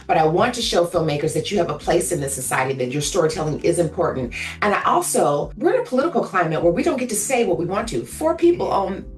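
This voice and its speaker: A woman's voice: lowish voice, very animated, fast talker, few pauses, far from the mic, faint music behind. Outspoken woman, echoey and off-mic. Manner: emphatic, outspoken, acts out voices. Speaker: actress and guest. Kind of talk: animated interview talk.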